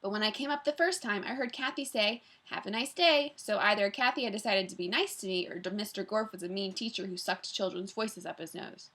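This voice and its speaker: A woman's voice: mid-range voice, brisk, hardly any pauses, fairly bright tone, lightly acted. A woman doing a chirpy sing-song school cook.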